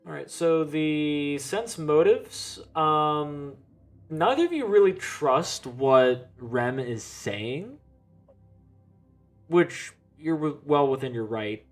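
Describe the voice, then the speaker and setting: A man running a tabletop game, his pitch rising and falling with a lot of life. He speaks casually, with faint music underneath. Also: animated, takes it slowly. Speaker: game master.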